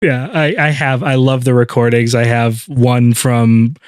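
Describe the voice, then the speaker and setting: A man's voice: medium pitch, steady tone, measured pace, clean tone, no room sound, studio quality. A man co-hosting a podcast as a wedding videographer, talking in an easygoing, chatty way with frequent laughs. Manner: easygoing, laughs often, lots of fillers. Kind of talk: casual chat.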